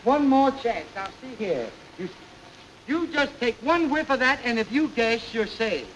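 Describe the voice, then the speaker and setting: A fussy army officer in an old film comedy, fretting and theatrical as he swings between bluster and hushed asides. His voice sits high. A steady hiss covers the crackly 1929 soundtrack. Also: measured pace, exaggerated voice. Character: fussy, flustered male officer leading a comic execution. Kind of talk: 1920s film comedy acting.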